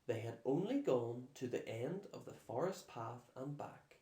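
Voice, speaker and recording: A man slowly reading a children's storybook aloud, with expressive delivery. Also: mid-range voice. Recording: echoey room.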